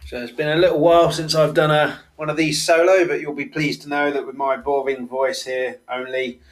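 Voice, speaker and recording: A man's voice: a little high, steady tone, brisk, poor audio. A man hosting a solo football podcast, chatting casually with lots of fillers and self-corrections. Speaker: podcast host.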